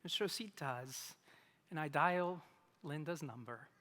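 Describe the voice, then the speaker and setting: A pastor with a slightly high, pushed and bright voice takes his time sharing a personal story from the pulpit, joking at his own expense. The church sanctuary echoes around him.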